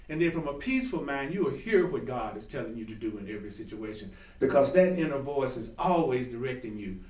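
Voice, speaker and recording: Animated spiritual teacher in an echoey room. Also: male voice, medium pitch, distant mic. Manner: animated, laughing, jokey asides. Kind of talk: informal class talk.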